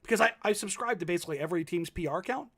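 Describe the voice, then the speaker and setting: Rambling man in his thirties, slightly high voice. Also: very fast, vocal fry, fairly bright tone. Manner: rambling, filler-heavy storytelling. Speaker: co-host. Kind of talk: casual sports talk.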